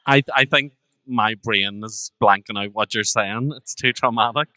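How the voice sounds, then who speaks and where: A man hosting a live podcast, steering his guests with playful, dry questions. His voice is bright and smooth, recorded close and dry. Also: on the low side, unhurried, dry recording. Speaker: podcast host.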